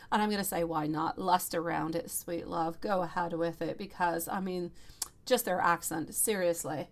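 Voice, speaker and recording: Chatty tarot reader, a woman. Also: on the low side. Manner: affectionate, calls viewers sweetie and love; chatty and giggly. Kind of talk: live-stream tarot reading.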